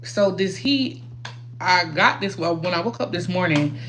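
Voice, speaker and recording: A woman's voice: fairly low pitch, lively intonation, a little slow, fairly bright tone, a little hiss or hum. A woman hosting a casual livestream while doing her makeup, chatty and rambling, swearing freely and talking straight to her viewers. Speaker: livestream host.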